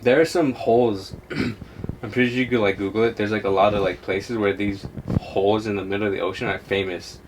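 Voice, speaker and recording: A man's voice: on the low side, fairly even intonation, brisk. A young man co-hosting a podcast in casual chat, laid-back and blunt, swearing casually. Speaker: podcast co-host. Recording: distant mic with faint noise.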